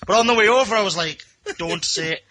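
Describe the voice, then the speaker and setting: A man's voice: sits high, brisk, pushed and bright. A man with a Geordie accent telling a rambling, self-mocking story as a caller on a radio show, acting out the other people in it. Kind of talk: casual anecdote on a radio phone-in.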